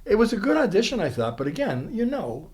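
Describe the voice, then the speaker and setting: A man, a guest actor, telling unhurried anecdotes in a podcast conversation and acting out the lines he quotes. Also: sits high, sing-song, a little mellow, slightly rough. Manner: unhurried storyteller who acts out quoted dialogue.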